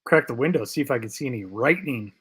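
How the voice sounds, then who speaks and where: A man's voice: mid-range voice, expressive, fast talker, a bit bright, husky. A man hosting a casual live stream, reading out viewer comments in a loose, rambling way with lots of fillers and repeats. He sounds tired and short on sleep. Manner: puts on a Canadian accent as a joke. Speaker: host of a live diecast chat stream.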